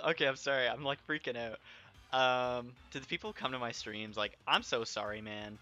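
A man's voice: mid-range voice, brisk, sharp tone. A man streaming a video game live, overexcited and shaking, exclaiming and laughing between apologetic rambles into a clipping desk mic. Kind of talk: live gaming stream commentary. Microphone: desk microphone, audio clipping.

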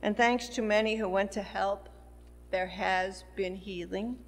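A woman pastor delivering a sermon in a church, preaching in a slow, measured way and building emphasis on key words. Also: medium pitch, steady tone. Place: church sanctuary. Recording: long church hall reverb.

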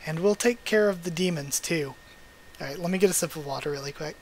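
A man's voice: fairly high pitch, fast talker, slight background noise, poor audio. A man hosting a manga readthrough, reading the dialogue aloud and breaking off for emotional, chatty asides.

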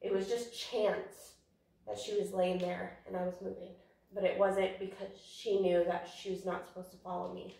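A woman's voice: lowish voice, level tone, moderate pace, creaky, mellow, recorded from a distance. A breathless young woman explains dog training in a chatty, rambling way. She sounds like she's standing back from the mic in a very echoey room. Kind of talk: casual training lesson.

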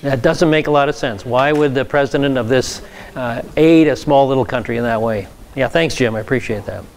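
Man teaching a Bible class, gravelly. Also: mid-range voice, brisk, a little hiss or hum. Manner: conversational, many fillers and repeats. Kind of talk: classroom lecture with slides.

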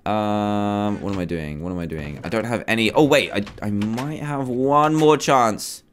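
A man in his twenties giving animated, self-mocking commentary on his Minecraft survival game, talking to himself as he plays. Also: lowish voice, a little slow, slight background noise. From England. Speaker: gaming YouTuber. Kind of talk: Minecraft let's play commentary.

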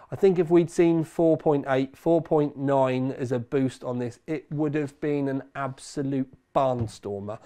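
British male tech host, middle-aged, casual rambling delivery, slightly hoarse. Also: mid-range voice, darkish tone. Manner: conversational, rambling with self-corrections. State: slightly hoarse, recovering from illness. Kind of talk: casual review chat.

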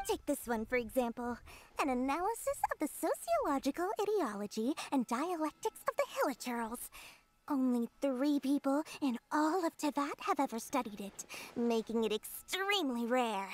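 A sly high-voiced black-market merchant. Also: female voice, big pitch swings, normal speed. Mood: salesy. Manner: sly, salesy, theatrical. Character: shrewd smooth-talking female black-market merchant. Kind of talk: video game voice acting.

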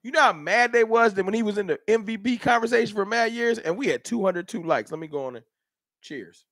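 High-pitched, fired-up fan show host. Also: male voice, expressive, a little fast, fairly bright tone, no room sound, studio quality. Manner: heated, rhetorical, talks straight to chat. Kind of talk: animated live-stream sports rant.

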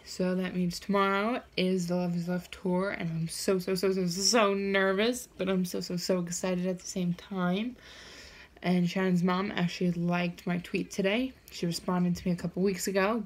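A young woman, talking excitedly and gushingly to the camera in a casual vlog, repeating herself as she goes. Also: lowish voice. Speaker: vlogger.

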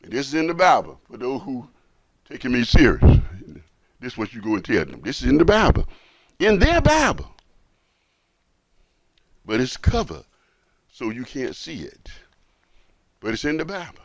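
A man's voice: mid-range voice, huge pitch swings, moderate pace, pauses often. A man giving a Friday sermon as imam, repeating lines emphatically and asking rhetorical questions. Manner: swings between hushed and loud, rising to forceful.

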